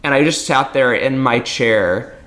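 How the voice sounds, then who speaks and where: A man's voice: mid-range voice, measured pace, fairly bright tone. A man who works as a magician, telling stories in a casual podcast conversation, candid, laughing often and swearing now and then. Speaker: magician guest.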